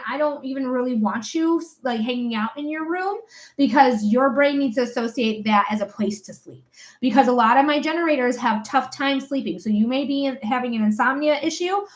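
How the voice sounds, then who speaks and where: High-pitched young woman, chatty and blunt, cusses casually while giving a reading. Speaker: psychic reader. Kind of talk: live stream reading.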